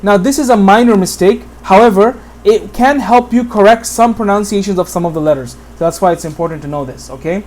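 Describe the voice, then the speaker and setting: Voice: medium pitch, a little fast, few pauses, a little mellow. A teacher from Bangladesh giving a whiteboard lesson on Quran pronunciation, patiently repeating examples and often checking in with the listener. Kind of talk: whiteboard tutorial.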